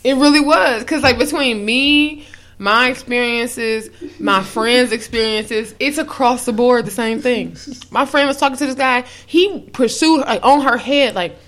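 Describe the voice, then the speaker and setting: A young woman co-hosting a podcast in casual chat. She tells stories in a lively, frank way, acts out quotes and swears freely. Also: a little high, moderate pace. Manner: animated storytelling, acts out quotes. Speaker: podcast co-host.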